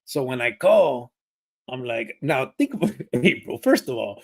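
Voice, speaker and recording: A man's voice: mid-range voice, very animated, normal speed, vocal fry. A man hosting a podcast, telling a story in slangy casual chat and laughing as he goes. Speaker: podcast host.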